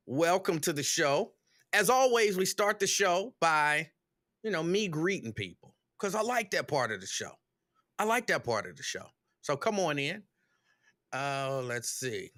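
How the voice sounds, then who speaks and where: A man hosting a livestream talk show, greeting viewers one by one in a relaxed, chatty way. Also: on the high side, dry recording, studio quality.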